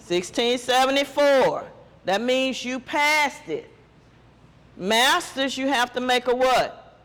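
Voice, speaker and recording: A man's voice: extremely high pitch, animated, takes it slowly, a bit bright, big-room sound. A man teacher giving a test-prep lesson, quizzing students with call-and-response questions.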